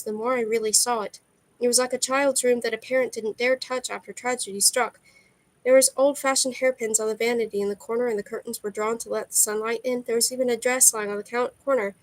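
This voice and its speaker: A woman reading a novel aloud in steady first-person narration, with occasional slips. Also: a little high, low-quality recording. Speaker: amateur reader.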